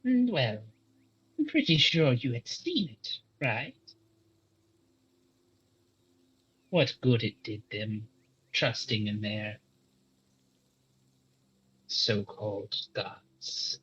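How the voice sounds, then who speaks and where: Old hag, scheming and mocking, played by a man, slow and breathy. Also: medium pitch, expressive, fairly bright tone, dull audio, heavily acted. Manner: sly, taunting.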